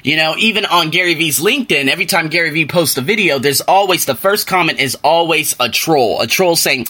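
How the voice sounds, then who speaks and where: A man hosting a solo podcast book review, telling stories in an animated way that climbs into exasperated rants. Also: a little high, brisk, slightly rough. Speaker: podcast host.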